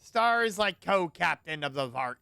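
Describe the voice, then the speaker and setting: A streamer host chats casually during a game stream, teasing and getting playfully flustered. The voice swings lively in pitch and has a bright, forward tone. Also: normal speed, vocal fry, smooth. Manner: joking, playfully flustered banter.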